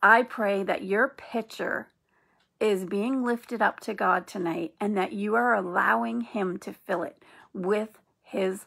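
A middle-aged woman hosting an inspirational channel, speaking in a gentle, earnest and reassuring way. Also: mid-range voice, steady tone, slow, creaky, breathy edge. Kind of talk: encouraging spiritual talk.

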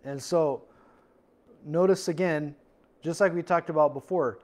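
A man's voice: fairly high pitch, a little slow, pauses often. A male pastor preaching a verse-by-verse sermon in a conversational way, acting out the people in the story with little voices. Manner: conversational, acts out quotes with voices. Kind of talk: expository sermon. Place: church.

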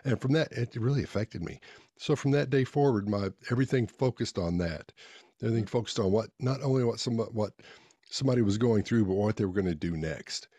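Low-voiced man telling stories. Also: brisk, no echo. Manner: rambling, animated storyteller with many restarts. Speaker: guest, behavior analyst. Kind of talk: casual storytelling interview.

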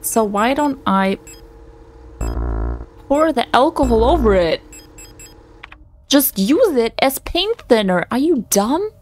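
Slow-talking woman streamer, cursing at herself. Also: a little high, big pitch swings. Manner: frustrated, self-mocking, swears often. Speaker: let's play streamer. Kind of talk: gaming commentary. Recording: faint game music behind.

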